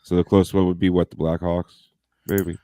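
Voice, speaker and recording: A man's voice: sits low, level tone, moderate pace, a crowd in the background. A man co-hosting a casual podcast, reading news items aloud and joking with profanity. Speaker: podcast co-host.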